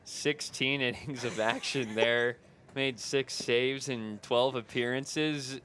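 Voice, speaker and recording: A man's voice: mid-range voice, steady tone, slow, fairly bright tone, a little hiss or hum. A man with a Midwestern accent calling baseball play by play, his voice jumping up on big plays. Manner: rises sharply on big plays. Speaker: play-by-play broadcaster.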